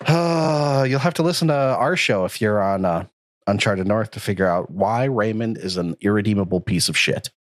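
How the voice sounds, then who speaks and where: A man's voice: on the low side, moderate pace, dry recording, clean studio sound. A man hosting a podcast, joking around in casual banter and laughing often. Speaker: podcast host.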